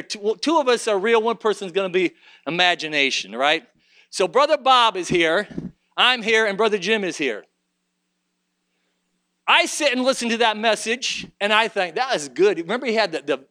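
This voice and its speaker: A man preaching a sermon in a church, climbing to fervent shouting and then dropping to quiet, conversational storytelling. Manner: rises to shouted fervor, then drops low and conversational. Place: church sanctuary.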